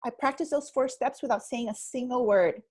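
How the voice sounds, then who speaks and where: A woman guest and stress coach talking in a conversational interview, telling stories and acting out quotes in an animated way. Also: fairly high pitch, normal speed, husky. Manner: animated storyteller, acts out quotes.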